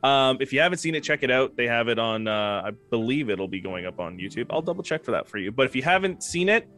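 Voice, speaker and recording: A man's voice: medium pitch, animated, fast, bright, forceful tone, soft background music. A man who runs the game, rambling through announcements with fillers and laughs. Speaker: game master and co-host. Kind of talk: casual stream announcements.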